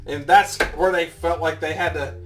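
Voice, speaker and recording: A man's voice: a little high, fairly even intonation, normal speed, far from the mic, music in the background. A man in his fifties telling a story as a vlogger, ranting heatedly and swearing a lot. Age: 50s. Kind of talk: casual storytelling.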